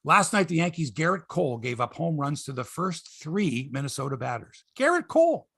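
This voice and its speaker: A man's voice: a little high, normal speed, husky, no room sound, clean studio sound. A man with a Canadian accent hosting a sports talk show, telling stories animatedly and swearing freely. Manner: lively storyteller, swears, mimics others. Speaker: host.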